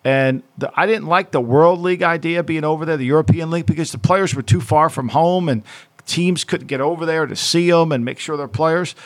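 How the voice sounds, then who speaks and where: A man's voice: a little high, fairly quick. A man co-hosting a sports podcast as a former football executive, talking casually in a rambling way with frequent restarts. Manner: rambling, repetitive, with many restarts.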